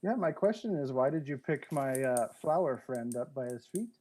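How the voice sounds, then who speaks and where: A man's voice: medium pitch, animated, normal speed, dark tone. A man playing a character in a casual tabletop game, asking playful questions in character. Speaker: player. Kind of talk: casual tabletop role-play.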